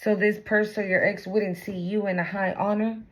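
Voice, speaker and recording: A woman's voice: medium pitch, level tone, normal speed, rough recording. A woman giving a casual tarot reading, blunt and profane, full of slang. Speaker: tarot reader.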